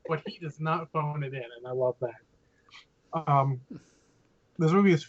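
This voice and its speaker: A man's voice: on the high side, unhurried, dull audio. A man hosting a podcast, chatting casually and jokingly about a movie he watched. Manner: animated, jokey movie reviewing. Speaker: podcast host. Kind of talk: casual chat.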